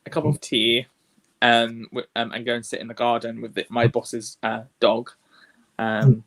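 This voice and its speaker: A man chats on a casual podcast. He talks frankly about how he copes, pausing often and hunting for words. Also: mid-range voice, level tone, fairly bright tone. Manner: hesitant, frank, with many fillers. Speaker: podcast co-host. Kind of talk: casual chat.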